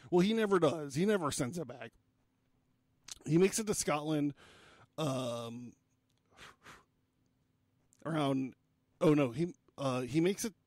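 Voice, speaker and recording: A man's voice: fairly high pitch, darkish tone, dry recording, studio quality. A man hosting a podcast, retelling a legend in a casual, jokey way and swearing often. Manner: casual and profane, with jokey asides. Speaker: podcast host.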